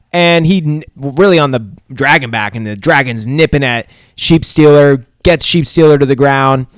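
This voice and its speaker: A man's voice: on the high side, clear, resonant tone, dry recording, studio quality. A man co-hosting a podcast, recapping a TV episode in loose, profane, rambling casual chat. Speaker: podcast co-host.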